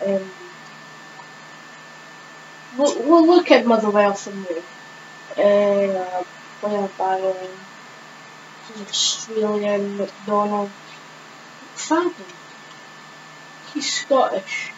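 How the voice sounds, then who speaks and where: A woman giving casual gameplay commentary on her own channel, thinking aloud in a hesitant way with many pauses and fillers. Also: medium pitch, muffled recording, slight background noise. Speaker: gaming channel host.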